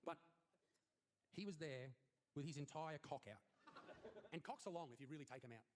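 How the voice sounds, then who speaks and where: A young Australian man performing a stand-up comedy routine in a crude, mock-earnest way, his voice jumping high on the punchlines. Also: lively intonation, moderate pace, noisy background. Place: comedy stage.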